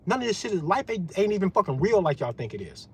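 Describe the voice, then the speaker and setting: A man's voice: high-pitched, big pitch swings, fast talker, breathy edge, low-quality recording. A man giving a profane, confrontational rant as a vlogger. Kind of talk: ranting monologue.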